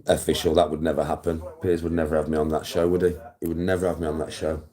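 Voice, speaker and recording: A dark bass voice with little pitch movement talks fast. The middle-aged man, English-accented, hosts a live stream and directs a coarse, blunt, swearing monologue at the viewer, lecturing them and answering chat.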